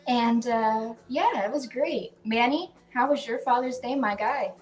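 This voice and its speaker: A woman's voice: fairly high pitch, a little slow, faint music behind. A woman hosting a podcast in casual chat, talkative, swearing freely and poking fun at herself. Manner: chatty, swears freely, self-mocking. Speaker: podcast host.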